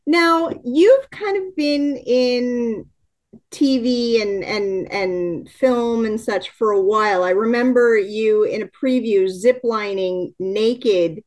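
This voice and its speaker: A woman hosting an interview, enthusiastic and quick to laugh as she asks her questions. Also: fairly high pitch, darkish tone. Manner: enthusiastic, giggly, fangirling. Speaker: podcast host, interviewer. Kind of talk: casual interview.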